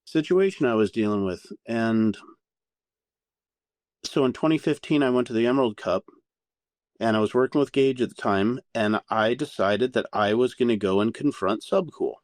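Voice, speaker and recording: A man telling a candid story as a podcast guest, animated and full of swearing. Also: mid-range voice, normal speed, dry recording. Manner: profane, animated anecdote-telling.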